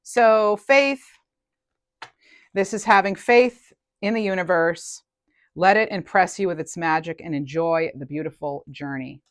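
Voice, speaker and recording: A woman's voice: on the low side, a little slow, dry recording. A woman giving a casual collective tarot reading, chatty and thinking aloud, often trailing off and restarting. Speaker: tarot reader.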